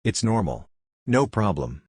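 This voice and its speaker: Guy reading a wild girl raised by leopards, flat broken english, cold as anything, dry sound. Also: lowish voice, measured pace, breathy edge, no echo, heavily acted. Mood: calm. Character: girl raised by ghost leopards, blunt, calm, ruthless. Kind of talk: audiobook character voice.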